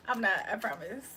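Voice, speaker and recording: A woman's voice: medium pitch, very noisy. A young woman hosting a casual livestream, chatting loosely with her viewers, joking and laughing often. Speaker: livestream host reading chat.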